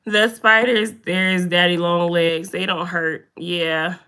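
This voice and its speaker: Speaking slowly in a fairly low but bright, crisp voice, a young woman hosts a casual stream from a room indoors. She chats animatedly with her viewers and greets them by name.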